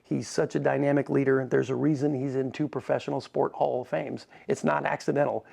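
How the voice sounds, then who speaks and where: A man being interviewed as a racing team's president, telling animated stories with many quick restarts. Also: medium pitch, creaky, husky. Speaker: racing team president, podcast guest. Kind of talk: conversational interview.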